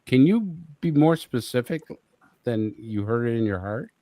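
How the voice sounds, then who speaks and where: A man's voice: mid-range voice, animated, moderate pace, dark tone, no room sound. A man hosting a podcast, asking his guest curious, direct questions. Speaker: podcast host. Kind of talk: interview questions.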